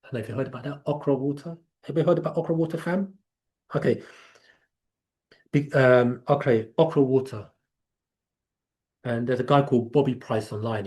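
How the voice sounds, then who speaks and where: A man's voice: mid-range voice, a little fast, darkish tone. Rambling English man hosting a Q&A. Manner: rambling, informal, explaining with many restarts. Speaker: host of a live Q&A. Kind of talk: casual live Q&A.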